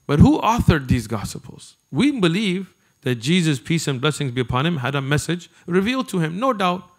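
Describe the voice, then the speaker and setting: A man preaches to a gathered audience in a fairly high voice that rises and falls with plenty of movement. He talks like he's chatting, throwing quick asides and questions to the people in front of him. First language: not Arabic. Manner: animated and conversational, with asides to the audience. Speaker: Islamic preacher. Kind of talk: lecture to a live audience.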